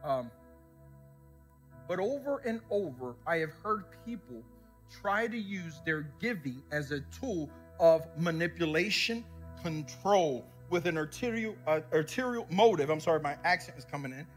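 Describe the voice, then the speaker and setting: A man's voice: a little high, expressive, measured pace, a bit bright, faint music behind. A man preaching a sermon as pastor before a congregation, telling stories and calling out questions for the people to answer. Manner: storytelling, call-and-response questions to the congregation. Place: church service before a congregation.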